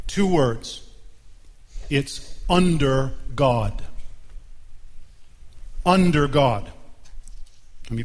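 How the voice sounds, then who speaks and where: A male pastor delivering a sermon with emphatic, measured preaching and deliberate pauses, in a church sanctuary. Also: on the high side, big-room sound.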